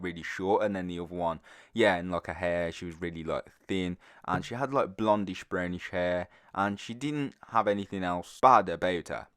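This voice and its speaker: A teenage man, hosting a storytime video in a rambling, animated, casual way. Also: sits low, dry recording, clean studio sound. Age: teens. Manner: rambling, animated, with frequent fillers. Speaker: storytime channel host.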